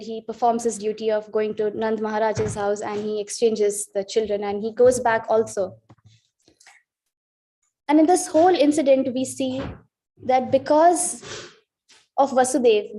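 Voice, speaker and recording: A woman with a fairly high voice teaches a devotional class in a temple. She tells a sacred story and gives the figures in it heartfelt, emotional voices. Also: darkish tone. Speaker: class speaker.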